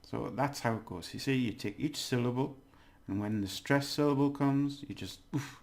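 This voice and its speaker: Guy with a gravelly voice doing a chatty video lesson, overdoes the words to show them. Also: medium pitch, moderate pace, darkish tone. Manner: chatty, exaggerates words to demonstrate, laughs at own slips. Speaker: language teacher.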